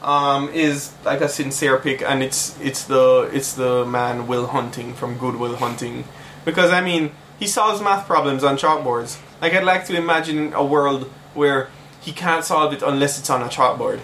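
A man's voice: mid-range voice, moderate pace, fairly bright tone, a little hiss or hum. A man co-hosting a casual podcast, rambling and restarting his sentences as he ranks favorites. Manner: rambling, self-interrupting, with fillers. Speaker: podcast co-host. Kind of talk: casual chat.

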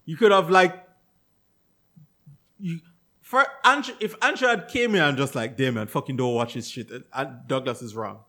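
A man in casual conversation, tearing into a movie with exasperated energy. His fairly high voice swings widely in pitch, and he throws in curses and mock-quotes of his own reactions. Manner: animated, exasperated, swearing, acts out reactions. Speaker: podcast co-host. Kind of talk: casual chat, movie review rant.

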